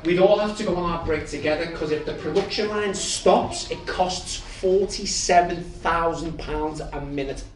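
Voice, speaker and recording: A man giving a lively, humorous testimony as a storytelling talk. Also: fairly high pitch, moderate pace, hardly any pauses. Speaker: testimony speaker. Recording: echoey room from far off, noisy ambience.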